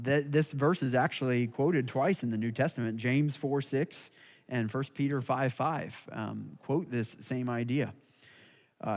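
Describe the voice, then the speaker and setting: Conversational male Bible study teacher. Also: medium pitch. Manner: conversational, checks in with listeners. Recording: dull lo-fi recording.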